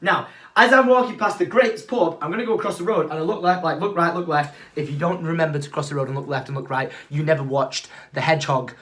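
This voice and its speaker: A young man vlogging from England, acting out the people in his story with lots of swearing. His voice sits high and he talks very fast, full of energy. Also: slightly rough. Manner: animated, swears freely, acts out quotes. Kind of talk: storytelling vlog.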